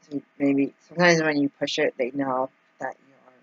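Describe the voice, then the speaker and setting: A woman's voice: rumbling low, fairly even intonation, normal speed, dry recording, highs cut off. A woman telling a casual, rambling story full of filler words and acting out the lines of the people in it. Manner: acts out quoted dialogue. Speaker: vlogger.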